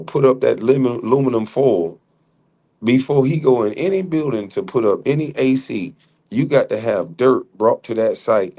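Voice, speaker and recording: On a livestream, a middle-aged host whose voice is on the low side and dark in tone argues heatedly with a rival. He's combative and mocking, laughing frequently.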